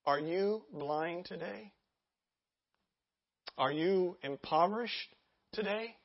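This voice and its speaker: A pastor preaching in an animated, chatty way, with many asides and rhetorical questions to the congregation. The voice sits mid-range. The recording sounds slightly dull and lo-fi. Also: medium pitch, slow pace, vocal fry. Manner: animated, conversational, acts out scenes. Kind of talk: sermon.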